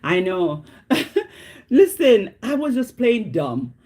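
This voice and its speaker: A woman's voice: a little high, extremely slow. Chatty Jamaican woman telling stories. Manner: animated, laughs often while telling stories; loose, chatty asides to viewers. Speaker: livestream host. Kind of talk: casual storytelling to live viewers.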